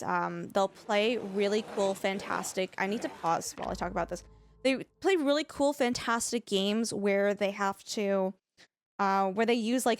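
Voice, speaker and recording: A woman's voice: medium pitch, no room sound. A woman chatting through a live game stream, rambling and gushing with lots of filler words. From Canada. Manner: gushing, effusive toward viewers. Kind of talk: live gameplay commentary.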